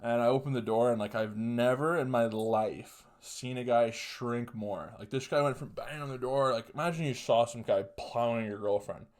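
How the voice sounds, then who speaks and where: A man's voice: medium pitch, normal speed, hardly any pauses, a little mellow. A young man in his twenties rambles through a crude personal story. He swears freely and often breaks into laughter, with a loose, casual delivery. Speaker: podcast host telling a story.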